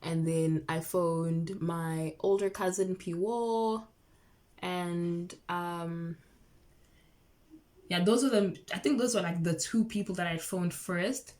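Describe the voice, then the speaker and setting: A woman's voice: fairly low pitch, takes it slowly. Chatty young woman telling a story. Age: early 20s. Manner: chatty, excitable, lots of fillers and quoted dialogue. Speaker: vlogger. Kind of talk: casual storytelling to camera.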